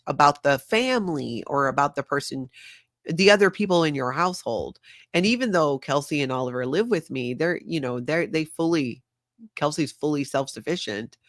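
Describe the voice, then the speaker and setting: A woman's voice: deep voice, no room sound. Older woman host, chatty and laughing, reads viewer comments live; dry sound. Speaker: livestream host. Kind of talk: casual livestream chat.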